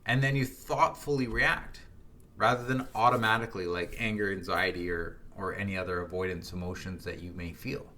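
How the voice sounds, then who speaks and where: A man's voice: low-pitched, fairly even intonation, a little fast, bright, forceful tone, a little hiss or hum. A middle-aged man hosting a solo podcast, speaking in a conversational, reflective way with frequent restarts and tag questions. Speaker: podcast host.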